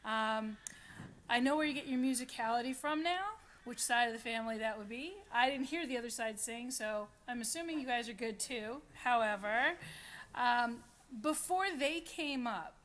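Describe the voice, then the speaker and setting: Bright high-voiced woman cantor. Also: moderate pace. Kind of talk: speaking at a bat mitzvah service.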